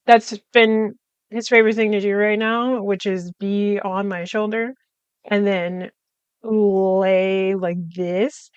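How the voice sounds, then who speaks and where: Young woman host, casual rambling vlog talk, slow and smooth. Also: medium pitch, fairly even intonation, no room sound, lo-fi sound. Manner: rambling, chatty, with frequent fillers and laughs. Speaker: podcast host. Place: room at home.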